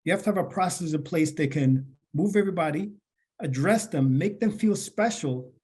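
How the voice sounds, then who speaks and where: A man co-hosting a business podcast, explaining in a steady, plain-spoken way. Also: fairly high pitch, normal speed, breathy edge. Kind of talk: casual business podcast talk.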